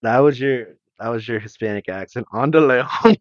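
A laid-back man co-hosting a comedy podcast, slipping in short deadpan quips. His pitch is mid-range. The sound is dry and slightly dull. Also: brisk, dry recording. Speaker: podcast co-host. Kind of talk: casual comedy podcast banter.

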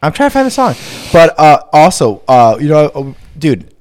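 A man's voice: fairly high pitch, sing-song, moderate pace, a little mellow. A man from Chicago co-hosting a podcast, chatting casually in a crude, rambling, joking way. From Chicago, USA. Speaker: podcast co-host. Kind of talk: casual chat.

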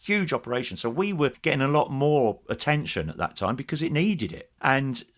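Man, interview guest; chatty anecdotal storyteller, mid-pitched, animated when quoting. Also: brisk. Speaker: podcast guest, former TV games presenter.

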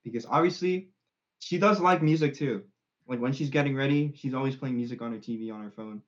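A man's voice: mid-range voice, lo-fi sound. A young man on a casual podcast, talking earnestly and sincerely about his partner. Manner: earnest, sincere, drawn-out phrasing. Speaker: podcast co-host. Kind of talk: casual chat.

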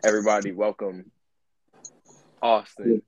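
A young man with a lower-pitched voice co-hosts a casual podcast. He talks playfully, spins tall tales and hammers lines through repetition. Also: flat delivery, unhurried, a little mellow, no echo, muffled recording. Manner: playful, tells tall tales, repeats himself for emphasis. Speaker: podcast co-host.

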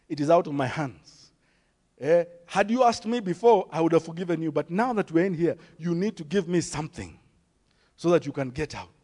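Kenyan man preaching, high voice, reverberant hall, rising and falling emphasis. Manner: preaching with emphatic rises and soft drops, storytelling. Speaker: pastor. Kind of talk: sermon.

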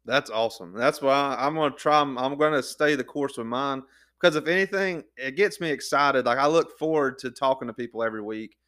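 Smooth-voiced folksy podcast host. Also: male voice, medium pitch, fairly quick, a bit bright. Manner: folksy and eager. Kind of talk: casual chat.

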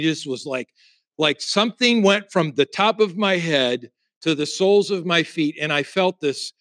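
Animated male preacher with a higher voice. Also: no room sound, studio quality. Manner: animated preaching, swings from loud to hushed. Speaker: pastor. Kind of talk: sermon.

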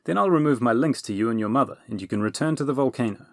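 A man voicing a brisk, resourceful male wizard who gives urgent commands. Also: medium pitch, gravelly, no echo, studio quality, lightly acted.

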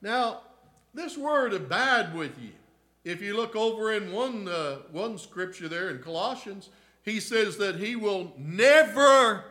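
Male revival preacher, very high voice, unhurried delivery, shouts and hushes. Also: expressive. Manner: swings from shouting to hushed, repeats "listen, friend"; old-fashioned revival preaching cadence. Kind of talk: sermon.

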